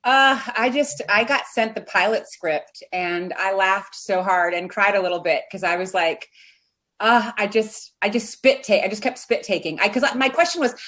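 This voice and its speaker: A woman's voice: mid-range voice, lively intonation, normal speed, a bit bright. A woman actress talking as a guest in an interview, rambling and giggly. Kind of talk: casual chat.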